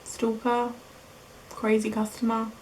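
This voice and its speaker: A young British woman in her twenties telling a story casually in a vlog, chatty and animated, acting out the dialogue. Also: fairly high pitch, slow, poor audio. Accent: British English. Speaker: beauty vlogger.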